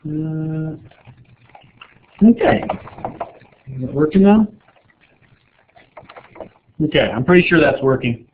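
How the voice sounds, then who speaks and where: A man's voice: on the high side, lively intonation, slow, pauses often, a little hiss or hum. A man teaching a chemistry class in a casual, joking way, rambling with lots of filler words. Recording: echoey room over a tinny, phone-like line.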